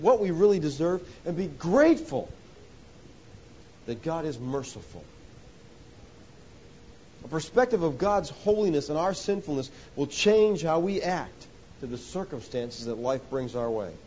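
A man preaching a sermon, rising to loud emphatic points and dropping to hushed lows, often calling listeners "folks.". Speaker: pastor. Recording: dull lo-fi sound with faint hiss.

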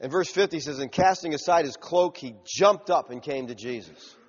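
Animated male preacher in a reverberant hall. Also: a little high, normal speed, slightly rough. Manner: animated preaching, acting out crowd voices and shouts. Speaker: pastor. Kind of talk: sermon. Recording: muffled sound with long hall reverb.

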